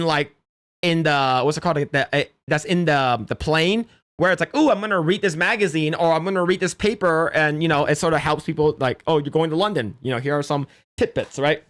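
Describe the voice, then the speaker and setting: A man's voice: a little high, fairly bright tone, no echo. A man hosting a podcast livestream in casual, blunt, rambling commentary, laughing now and then. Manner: blunt, rambling, laughs at his own jokes.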